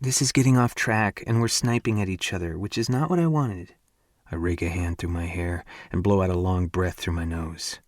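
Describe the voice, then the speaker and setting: A young man reads a first-person romance audiobook in a low, grounded voice. His delivery is intense and candid, with blunt, profane inner thoughts. The recording is dry and close, with no room around it. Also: normal speed, no echo. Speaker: audiobook narrator.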